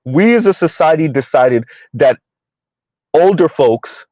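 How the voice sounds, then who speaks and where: A man's voice: a little high, animated, measured pace, dark tone, dry recording, dull audio. A man hosting a ranting commentary video, heated and repetitive, firing rhetorical questions at his viewers. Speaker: commentary channel host.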